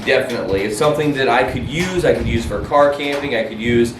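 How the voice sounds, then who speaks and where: A man reviewing outdoor gear in casual chat, relaxed and laughing often, recorded outdoors at a campsite. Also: medium pitch, fast talker, echoey room, noisy background.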